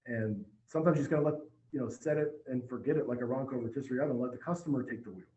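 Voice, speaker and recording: A man, a dealership general manager, telling animated stories in a casual podcast chat over a remote call. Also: mid-range voice, racing, echoey room, dull audio. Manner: storytelling, energetic, with frequent restarts.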